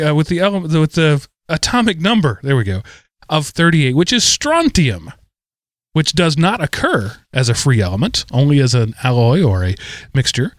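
A middle-aged man co-hosts a podcast, rambling through stories in casual chat and often correcting himself mid-sentence. His voice is a little high, and the studio sound is clean with no room sound.

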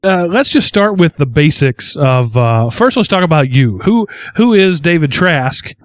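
A man's voice: on the high side, sing-song, unhurried, no echo. A man from Texas hosting a casual podcast, rambling and self-deprecating with lots of fillers. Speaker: podcast host. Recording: dry close mic in a small insulated booth.

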